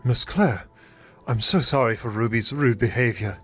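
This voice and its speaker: A man voicing a polite, apologetic young groom in a read-aloud texting story, speaking calmly and softly. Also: mid-range voice, moderate pace, over loud music, close to an everyday voice.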